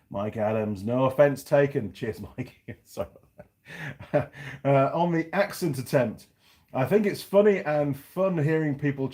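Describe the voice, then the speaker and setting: Here a middle-aged man from Yorkshire, a mechanic who hosts his own channel, speaks in a medium-pitched, slightly mellow voice with a faded Yorkshire accent. He chats casually and frankly to his livestream viewers, going off on rambling asides.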